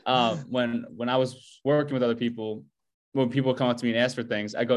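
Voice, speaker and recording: Man, mid-pitched voice, sarcastic asides, casual podcast chat. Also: level tone, a little fast. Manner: dry, sarcastic remarks. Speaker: podcast co-host.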